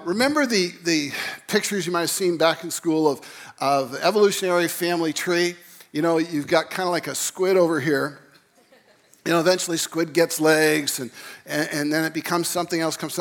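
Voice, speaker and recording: Animated man with a high voice. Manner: rambling and animated, with many restarts and repeated words. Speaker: speaker on creation and evolution. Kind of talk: informal lecture.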